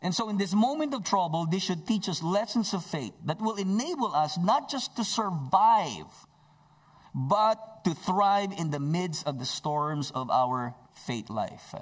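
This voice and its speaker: A man's voice: high-pitched, animated, measured pace. A male pastor preaching a sermon, emphatic, stretching out key phrases, with joking asides.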